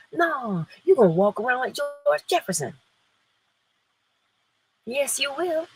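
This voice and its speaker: A woman's voice: medium pitch, slightly rough, rough recording. A woman hosting an inspirational morning livestream, playful and emphatic, laughing often and answering viewers in the chat. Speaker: livestream host.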